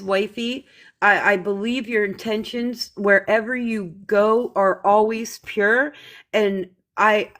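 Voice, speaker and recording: A woman hosting a livestream talks with heartfelt intensity. She often trips over her words and starts again, pressing each point with conviction. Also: on the high side. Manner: earnest, impassioned, halting restarts. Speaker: livestream host. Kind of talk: emotional livestream talk.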